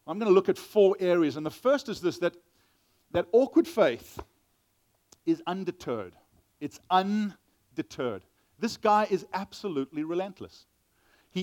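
A male pastor preaching an animated sermon, reading scripture aloud and acting out the voices of the people in it. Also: sits high. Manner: animated Bible reading and teaching with dramatic voices.

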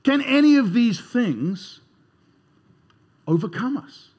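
A man's voice: extremely high pitch, very animated, slow pace, a little mellow, slightly rough. A man preaching a sermon as pastor, emphatic and conversational, often repeating words.

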